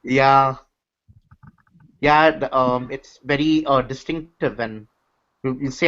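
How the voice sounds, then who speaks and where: A man from Nova Scotia with a Canadian accent, chatting casually in a live hangout, halting often with ums and repeated words. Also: mid-range voice, steady tone, a bit bright. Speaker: hangout participant. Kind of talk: casual chat. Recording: dull lo-fi online call audio.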